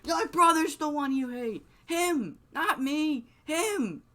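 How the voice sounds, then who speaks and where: A man voicing a whiny male wrestler, yelling indignantly at a booing crowd. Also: very high-pitched, animated, takes it slowly, voice pushed up, full character voice.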